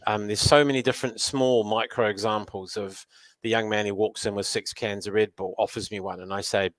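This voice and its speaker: A man who runs a youth learning program, speaking as a guest and telling lively anecdotes. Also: on the low side, fairly quick, dry recording. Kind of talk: storytelling conversation.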